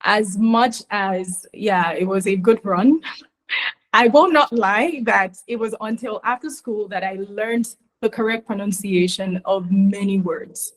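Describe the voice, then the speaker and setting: A woman from Nigeria, giving an emphatic, animated webinar talk on pronunciation. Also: mid-range voice, measured pace, poor audio. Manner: emphatic, animated, often acts out mispronunciations.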